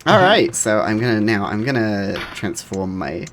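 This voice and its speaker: A streamer chatting with friends while playing, quick to joke and laugh. The pitch swings widely from word to word. A faint hiss and mouse clicks sit in the background. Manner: lively and joking, with frequent laughs. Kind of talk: casual game stream chat.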